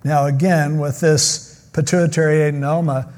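A man's voice: a little high, little pitch movement, moderate pace, a little mellow. A man preaching a sermon, retelling a Bible story in a casual, joking way. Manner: casual, joking storyteller who acts out quotes. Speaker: pastor.

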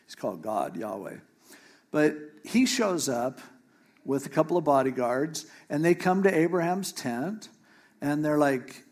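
Animated man retelling a scripture story. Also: on the high side, a little slow. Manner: animated storytelling with playful paraphrased dialogue. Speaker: pastor. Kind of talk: sermon.

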